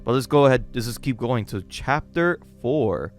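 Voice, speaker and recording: A man's voice: medium pitch, animated, moderate pace. A young man recapping a manga and reacting casually, full of fillers and jokes. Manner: casual, filler-heavy, joking. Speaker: manga reader and reviewer. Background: faint music.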